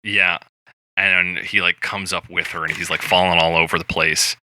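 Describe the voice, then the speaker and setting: A man co-hosting a podcast, casually recapping a film with animated retellings and lots of swearing. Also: deep voice, moderate pace, noisy background. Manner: animated retelling, acts out quoted lines, swears freely. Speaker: podcast co-host.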